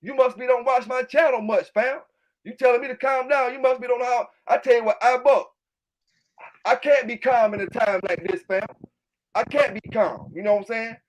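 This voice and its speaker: Loud high-voiced Southern man ranting. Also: steady tone, moderate pace. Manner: loud, fired-up, profane, keeps repeating filler tags. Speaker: dog kennel owner and channel host. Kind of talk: livestream rant answering chat.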